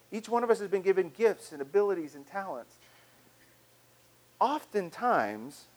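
A man preaching a sermon in a church with a fairly high, lively voice. He is conversational and animated, and his volume swings from loud to soft. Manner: animated and conversational, with acted-out quotes and big swings in loudness. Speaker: pastor. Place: church sanctuary.

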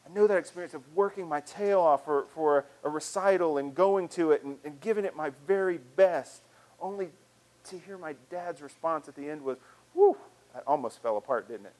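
A man's voice: fairly high pitch, moderate pace, darkish tone, poor audio. A male pastor preaching a sermon in an earnest, conversational way, often restarting his phrases.

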